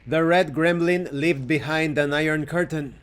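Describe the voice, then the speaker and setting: A man's voice: on the high side, fairly even intonation, moderate pace, a bit bright, smooth. A man hosting a tabletop game review channel, reading lore aloud in an earnest storytelling way and then thanking his viewers. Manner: stops to correct his own pronunciation.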